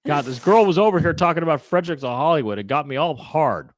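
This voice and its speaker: A man voicing a flustered, lecherous old male Santa who drawls slowly and booms out ho-hos. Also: expressive, dry recording, natural voice.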